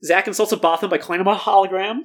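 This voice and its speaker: Fast-talking podcast host retelling a story. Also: male voice, sits high. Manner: animated storytelling, acts out characters' lines. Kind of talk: casual chat, retelling a book plot.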